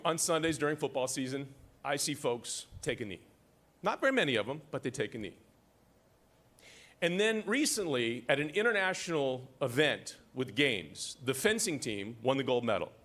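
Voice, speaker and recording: A middle-aged man hosts an award ceremony in a large hall, his slightly bright, higher-pitched voice coming through a podium microphone. His emcee speech is full of jokes, and he teases the audience.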